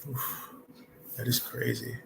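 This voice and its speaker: A man nearing fifty, sick with stage four cancer, talks to his livestream chat from a hospital room, rambling, blunt and cursing often. His gravelly voice sits at an ordinary pitch, delivered completely flat and slowly, over a faint hum of room noise.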